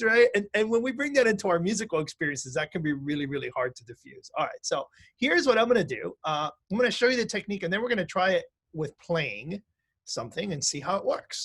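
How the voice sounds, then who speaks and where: A middle-aged man with a high, light voice leads a casual online lesson for musicians. He talks in a chatty, self-correcting way and laughs easily. He is heard through a video call. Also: fairly bright tone. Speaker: music teacher leading an online mindfulness class.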